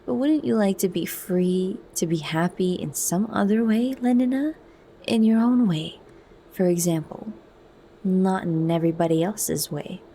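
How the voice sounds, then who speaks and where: A woman voicing a brooding, bitter young man in a soft, meditative manner, as whispered role-play. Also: fairly low pitch, unhurried, a little hiss or hum.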